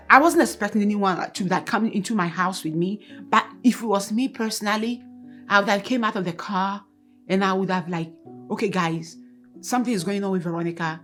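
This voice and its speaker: Woman, co-host, emotional and tearful testimony, mid-pitched, faint music underneath. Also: a bit bright. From Ghana. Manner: earnest and emotional, reliving events in detail. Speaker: co-host of a Christian couple's channel. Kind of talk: personal testimony.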